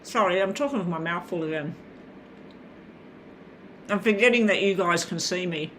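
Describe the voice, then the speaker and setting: A woman's voice: on the low side, normal speed, fairly bright tone, slight background noise. A woman giving live tarot readings, talking in a chatty, rambling way and addressing viewers by name. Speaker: tarot reader.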